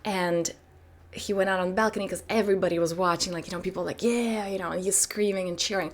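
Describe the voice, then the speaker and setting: A woman's voice: fairly low pitch, steady tone, fast, a little hiss or hum. Emphatic woman coaching the viewer. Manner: emphatic, rhetorical questions. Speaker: self-help coach. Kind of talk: motivational talk to camera.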